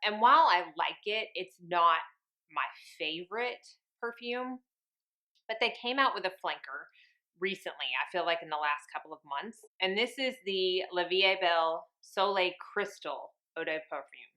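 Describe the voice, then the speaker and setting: A woman's voice: on the low side, normal speed, pushed and bright. A woman in her thirties, chatting casually and folksily as she reviews perfumes. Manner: chatty, folksy, self-deprecating. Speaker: beauty vlogger reviewing fragrances. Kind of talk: casual chat.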